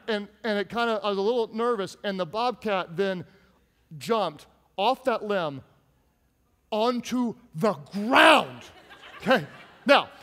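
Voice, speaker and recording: Animated pastor with a high voice. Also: male voice. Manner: jokey, animated storytelling with asides to the congregation. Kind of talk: humorous sermon. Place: large church hall. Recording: long hall reverb from a church.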